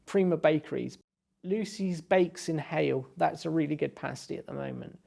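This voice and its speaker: A man's voice: fairly high pitch, normal speed, vocal fry, mellow. A young man chatting casually in an interview, rambling with many restarts. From Cornwall. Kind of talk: casual chat.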